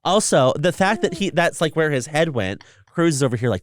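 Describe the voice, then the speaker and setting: Animated man telling a story. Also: on the high side, fairly quick. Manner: animated storyteller, acts out quotes. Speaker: podcast co-host. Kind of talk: casual chat.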